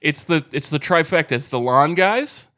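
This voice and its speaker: Man, 40s, relaxed podcast co-host, teasing, frequent laughter. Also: on the high side, normal speed. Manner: easygoing, teasing, laughs often. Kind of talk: casual podcast chat.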